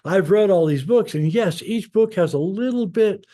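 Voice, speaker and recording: Man with a dark, mellow voice. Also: high-pitched, expressive, moderate pace. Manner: rambling, many fillers and restarts. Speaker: author, guest. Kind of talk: casual spoken storytelling.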